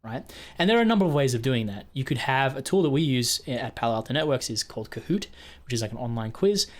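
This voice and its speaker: A man's voice: medium pitch, animated, quick pace. A man teaching fellow instructors in a casual, chatty screen-share walkthrough, often checking in with "right?", recorded on a computer mic. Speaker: technical instructor training other instructors.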